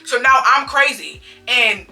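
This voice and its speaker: A woman telling a story in a casual storytime vlog, animated and blunt, swearing freely and acting out what people said. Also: on the high side, measured pace, distant mic, soft background music.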